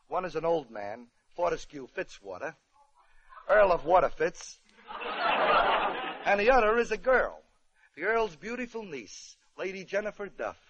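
A man hosting a radio show, telling a comic story with wry, deadpan asides. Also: on the high side. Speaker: comedian host. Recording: muffled old radio broadcast with band music.

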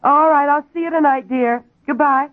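A woman's voice: high-pitched, moderate pace, natural voice. An actress playing a chatty, doting young wife and mother talking on the phone, in 1950s radio acting style. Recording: tinny old radio broadcast recording.

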